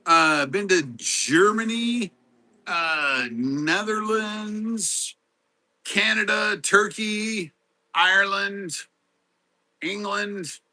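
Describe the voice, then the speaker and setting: A middle-aged man with a high, very bright voice hosts a relaxed live stream. He talks at an unhurried pace, greets his viewers one by one and answers their chat questions. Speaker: livestream host.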